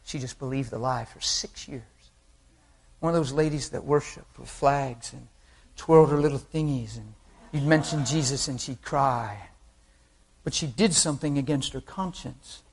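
A man preaching a sermon, telling an anecdote with lively acted quotes and laughing along with the congregation. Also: medium pitch, moderate pace, vocal fry. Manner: animated storytelling, voices quotes, laughs with the crowd.

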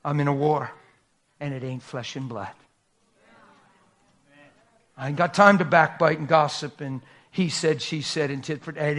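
A man's voice: medium pitch, a bit bright. Emphatic male preacher telling a story. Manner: dramatic storytelling, folksy and emphatic. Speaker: pastor. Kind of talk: sermon.

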